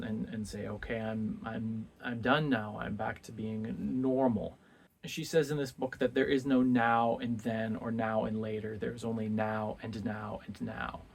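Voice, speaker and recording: A man talking through a book review in a casual vlog, reflective and halting, often restarting his sentences as he searches for words. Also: mid-range voice.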